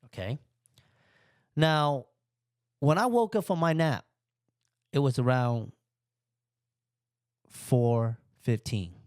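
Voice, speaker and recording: A man hosting a podcast, casually telling a personal story and acting out his own thoughts with sudden jumps in pitch. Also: slow, long pauses, no room sound, clean studio sound. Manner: plain, conversational English with loose grammar. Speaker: podcast host. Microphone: podcast microphone.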